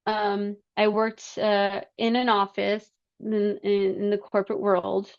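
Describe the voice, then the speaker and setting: A woman telling her personal story as a podcast guest, halting, with many fillers and restarts. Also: medium pitch, level tone, highs cut off.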